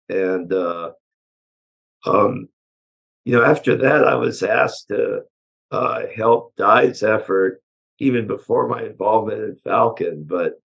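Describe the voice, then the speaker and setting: A man with a hoarse voice from allergies, a chassis engineer guest answering interview questions in a relaxed way, with many pauses and "uh"s. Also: fairly low pitch. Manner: relaxed, hesitant with frequent "uh" and "um". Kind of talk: casual technical interview answers.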